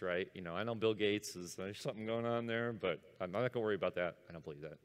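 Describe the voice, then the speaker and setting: A man in his fifties giving a conference talk, animated and acting out his own inner voice. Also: on the low side, fast, few pauses, clean tone. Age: 50s. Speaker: conference speaker. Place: large conference hall. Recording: long hall reverb.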